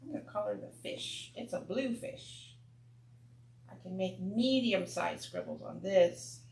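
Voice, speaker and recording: A woman talks young children through coloring and shapes in a slow, patient classroom voice. Her pitch moves up and down a lot, with a gravelly edge on low notes. The sound is echoey, with a faint hum underneath. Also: animated. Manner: gentle, patient, explains step by step. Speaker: children's program presenter. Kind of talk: slow, clear teaching for young kids.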